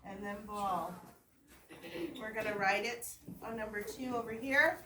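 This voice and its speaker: A woman's voice: mid-range voice, measured pace. A woman teaching a primary school class, giving patient step-by-step directions and encouragement. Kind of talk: classroom instruction. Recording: echoey classroom, mic at a distance, noisy.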